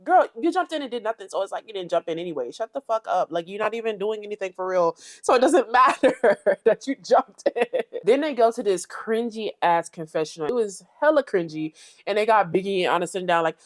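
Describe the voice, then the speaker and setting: A woman's voice: mid-range voice, expressive, a little fast, dry recording, studio quality. A young woman hosting a reality TV recap, blunt, sassy and opinionated. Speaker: commentary channel host.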